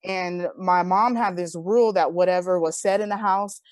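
A woman's voice: lowish voice, normal speed, no room sound, studio quality. Earnest woman sharing her story. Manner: earnest, heartfelt, animated retelling. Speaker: interview guest. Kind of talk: personal storytelling in conversation.

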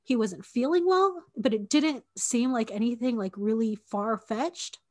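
A woman in her twenties, voice on the high side and unhurried, relates a personal story in casual podcast conversation. She fills it with "like" and other fillers and performs what people said.

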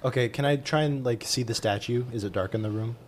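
A man playing in a casual tabletop game, joking and quick-witted. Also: mid-range voice, slight background noise. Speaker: player.

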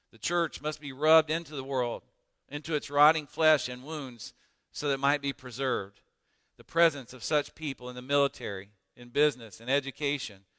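A man preaching a sermon as pastor, emphatic, with dramatic pauses and rising emphasis. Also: mid-range voice, fairly bright tone, clear, resonant tone, no echo, studio quality, in a large hall.

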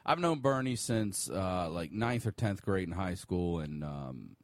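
A man guest on a podcast, telling a long story in a casual, profane, animated way. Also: low-pitched, measured pace. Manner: profane, animated storyteller who laughs often.

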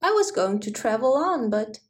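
A woman voicing a kindly old gentleman rabbit in a storybook reading, cheerful and reassuring. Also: on the high side, very animated, normal speed.

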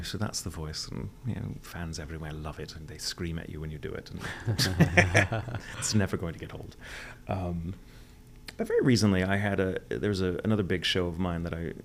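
Deep gravelly american guy rambling candidly in an interview, cusses a lot. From United States. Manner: rambling, candid, swears freely. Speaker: voice actor guest. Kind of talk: casual interview chat.

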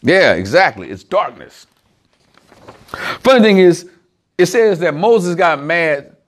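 A man's voice: fairly high pitch, sing-song, slow pace. A man leading a small group in an informal, conversational sermon, asking them rhetorical questions and chuckling often.

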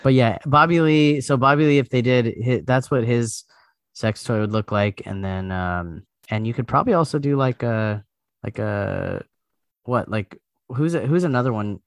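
A man's voice: mid-range voice, normal speed, no room sound, clean studio sound. A man co-hosting a podcast, chatting casually and rambling with many fillers. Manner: rambling, lots of "like". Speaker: podcast co-host. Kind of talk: casual chat.

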